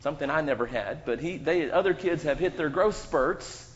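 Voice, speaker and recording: Man, somewhat high voice, lively storytelling to kids; long church reverb, dull muffled sound. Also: moderate pace. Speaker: children's story speaker. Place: church sanctuary.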